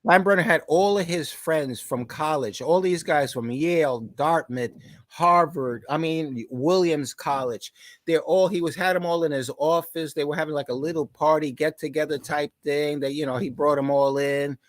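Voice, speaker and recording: A man in his sixties, a podcast guest, telling stories in conversation and shouting out the lines of the people in them. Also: fairly high pitch, normal speed, no room sound. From New York. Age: 60s. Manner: animated, shouts out quoted lines. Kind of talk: storytelling in conversation.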